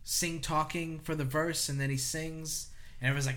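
A man's voice: a little high, steady tone, brisk, fairly bright tone. A man co-hosting a casual podcast chat, telling stories loosely, swearing and laughing as he goes. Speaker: podcast co-host.

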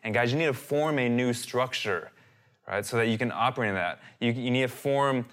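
Guy pastor in his 30s preaching, earnest, repeats himself a lot, mid-pitched voice. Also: brisk. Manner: earnest, repeats phrases, animated when quoting. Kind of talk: sermon.

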